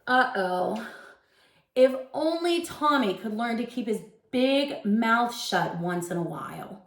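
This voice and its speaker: A woman guest reader reading a children's chapter book aloud with expressive storytelling. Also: a little high, measured pace, reverberant.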